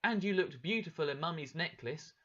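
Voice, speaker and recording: A man voicing an excited, demanding young boy who talks loud and whiny in a storybook reading. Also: on the high side, fairly quick, dull audio, pitched above the performer's own voice.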